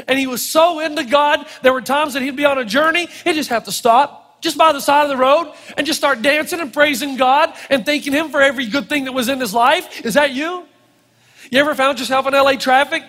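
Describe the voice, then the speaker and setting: A man preaching a sermon, animated and playful, acting out quotes as he goes. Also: very high-pitched, normal speed, big-room sound. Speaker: pastor. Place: church hall with audience.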